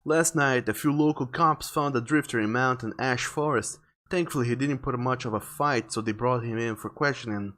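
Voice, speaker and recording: A man voicing a weary small-town male detective who talks in a steady, matter-of-fact way. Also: medium pitch, normal speed, hardly any pauses, close to an everyday voice.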